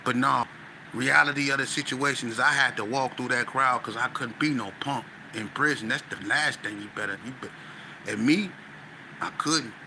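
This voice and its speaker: A man, a podcast guest, tells a story in a lively, slangy way and acts out scenes with sound effects. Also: medium pitch, normal speed, vocal fry, noisy background. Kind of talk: animated storytelling.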